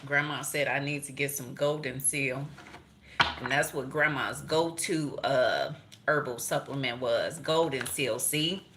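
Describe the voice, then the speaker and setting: A middle-aged woman giving a casual tarot and astrology reading, blunt and profane, animated and laughing often. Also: a bass voice, measured pace, noisy background. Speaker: tarot reader.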